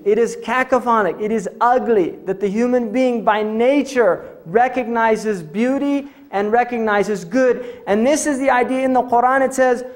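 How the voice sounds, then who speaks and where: High-voiced man giving a religious lecture. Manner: explanatory, defines terms and recites scripture in between; conversational asides and rhetorical questions.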